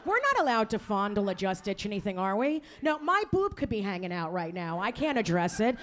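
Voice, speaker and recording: Brash, high-voiced woman doing stand-up. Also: sing-song, fast, hardly any pauses, soft background music. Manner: brash, crude, teasing the crowd. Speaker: stand-up comedian. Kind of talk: stand-up set. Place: comedy club stage.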